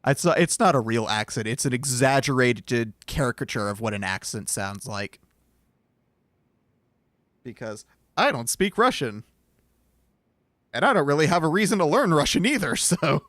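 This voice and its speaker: A man chats with his stream audience in a loose, rambling way, poking fun at himself as he goes. His voice sits at a middle pitch. The recording is dry and close, with no room sound. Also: sing-song, normal speed, pauses often, fairly bright tone, dry recording. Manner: chatty, self-deprecating, rambling asides. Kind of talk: casual chat with stream chat.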